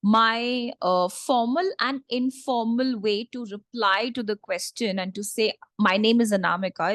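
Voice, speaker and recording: A woman teaching a French lesson in English, patiently repeating each word slowly for learners. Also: mid-range voice, a bit bright, no room sound, clean studio sound. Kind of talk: online language lesson.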